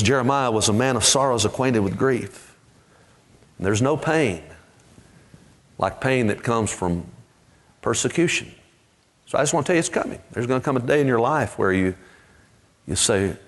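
A man preaching a sermon with passion, rising to fervent peaks and dropping to quiet asides. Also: medium pitch, animated, moderate pace, pauses often. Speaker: pastor.

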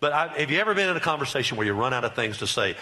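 Man, middle-aged, pastor, preaching, bright tone, folksy, joking, emphatic. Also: mid-range voice, very animated, racing. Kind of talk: sermon.

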